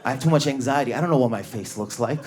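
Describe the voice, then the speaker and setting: A man in his thirties doing an animated stand-up comedy set on a club stage, telling stories with bursts of energy and acted-out voices. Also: very fast, a crowd in the background, background noise. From Canada. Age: 30s. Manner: high-energy, animated storytelling with sudden volume swings and acted-out voices.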